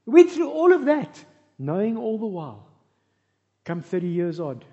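Man, pastor's sermon, high mellow voice, long hall reverb, dull lo-fi sound. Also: unhurried. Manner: lively storytelling with humorous asides.

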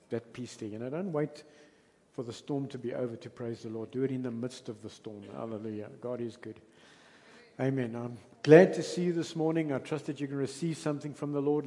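A South African pastor with a medium-pitched, darkish male voice preaches a conversational sermon in South African English. He tells a story with emphatic bursts, and the long reverb of a church hall surrounds him.

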